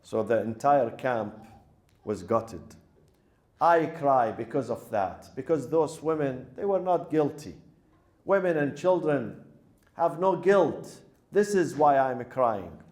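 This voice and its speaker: A man's voice: mid-range voice, expressive, slow, darkish tone. A male preacher delivering an emotional mourning sermon, telling the story and breaking into chanted Arabic passages.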